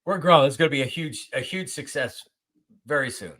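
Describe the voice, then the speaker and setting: Male podcast host, bright tone, casual and upbeat. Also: mid-range voice, a little fast. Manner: chatty, upbeat sign-off plugs. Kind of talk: casual chat.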